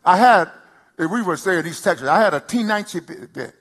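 A middle-aged male pastor preaching a sermon, emphatic and rising loud on key lines. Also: high voice, expressive, brisk.

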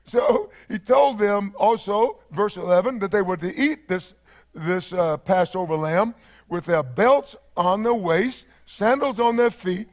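A man with a Texan accent preaching a sermon as pastor, repeating phrases and rising to fervent shouts. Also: high voice.

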